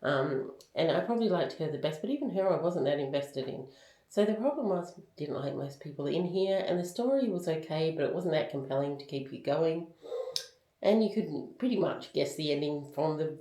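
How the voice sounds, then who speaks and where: A woman's voice: deep voice, expressive, moderate pace, mellow, roomy sound, low-quality recording. A woman giving a casual book review, candid and chatty, with plenty of ums and likes.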